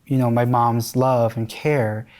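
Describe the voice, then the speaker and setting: A man's voice: mid-range voice, little pitch movement, slow pace, a little mellow. A man in his thirties from New York, candidly and emotionally telling his life story in an interview, often restarting his sentences.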